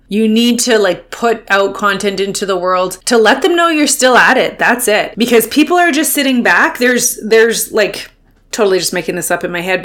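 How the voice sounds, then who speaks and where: A woman of middle pitch delivers a solo podcast pep talk, swearing freely and hammering each point home. She speaks as a coach urging listeners to keep showing up. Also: fairly bright tone. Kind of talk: fired-up motivational monologue.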